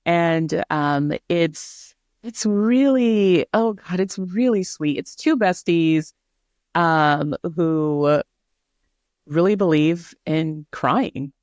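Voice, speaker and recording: A woman co-hosting a podcast in casual chat, speaking haltingly with many small restarts and frequent agreeing interjections. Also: lowish voice, a little mellow, no echo, clean studio sound. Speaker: podcast co-host.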